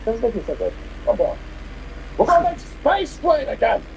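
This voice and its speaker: A man's voice: very high-pitched, wildly swooping pitch, normal speed, vocal fry, slight background noise, rough recording. A man hosting a podcast, delivering an angry, profane, mocking political rant. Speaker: podcast host.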